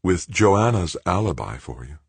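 A male narrator voicing a woman who speaks softly and quietly. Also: low voice, sing-song, moderate pace, creaky, slightly rough, no room sound, heavily acted. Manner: soft-spoken. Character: woman, soft-spoken, knowing adviser.

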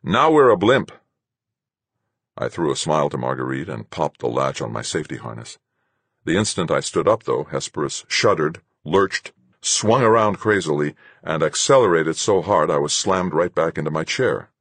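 Very deep, husky male narrator. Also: moderate pace, a bit bright, no room sound. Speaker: audiobook narrator. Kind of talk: first-person novel narration.

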